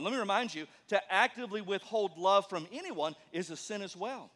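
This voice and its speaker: A man preaching a sermon as a pastor, animated, acting out the voices of the people he quotes. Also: high-pitched, fast talker, few pauses, long reverb tail.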